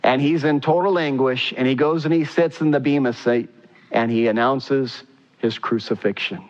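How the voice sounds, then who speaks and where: A man's voice: moderate pace, big-room sound, highs cut off. A man preaching a sermon as pastor, emphatic and fervent, putting direct questions to his congregation. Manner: emphatic, rising to a high, fervent pitch at key points.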